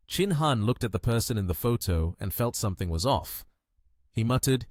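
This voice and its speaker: Male recap narrator, scripted storytelling, lively pitch, dry close recording. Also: moderate pace, no room sound.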